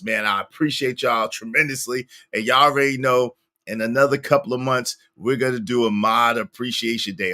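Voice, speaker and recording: A man hosting a casual livestream, greeting viewers by name, with sudden jumps into squeaky high tones. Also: sharp tone. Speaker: livestream host.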